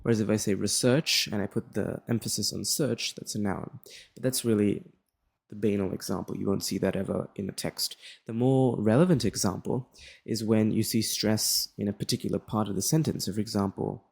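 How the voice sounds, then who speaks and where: A young man, explaining a lesson in a relaxed, casual way and often checking in with "right?". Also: lowish voice, brisk, gravelly, breathy edge. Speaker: tutor.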